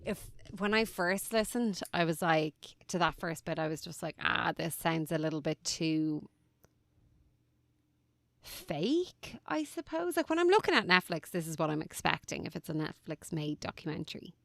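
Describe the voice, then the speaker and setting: A woman co-hosting a podcast in casual chat, talking in a thoughtful, drawn-out way with many fillers. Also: lowish voice, sing-song, creaky, fairly bright tone, dry recording. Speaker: podcast co-host.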